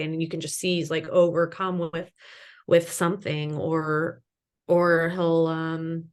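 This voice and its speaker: A woman's voice: low voice, level tone, unhurried. A woman in her thirties, a podcast guest, chatting casually and rambling with many fillers. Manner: rambling, lots of "like" and "you know". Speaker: podcast guest, ghost hunter. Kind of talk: casual chat.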